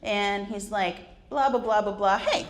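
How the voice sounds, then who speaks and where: On a conference stage, a woman in her forties offers comic personal stories that are wry and self-deprecating, regularly laughing at her own humor. She speaks a little slowly in a medium-pitched voice with fairly even intonation, over some background noise.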